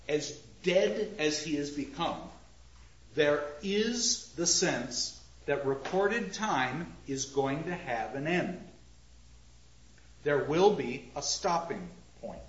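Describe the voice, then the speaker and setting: A man lecturing a class at an unhurried, deliberate pace, stopping to ask questions and to recite verse aloud. The sound is roomy and somewhat dull, as if recorded in a classroom. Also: on the high side, lively intonation. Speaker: literature teacher.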